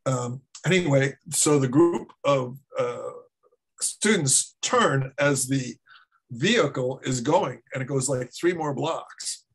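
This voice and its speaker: A man's voice: mid-range voice, slow pace, breathy edge, low-quality recording. A middle-aged man, a martial arts instructor, telling a story as a guest with many fillers and restarts. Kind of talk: casual anecdote storytelling.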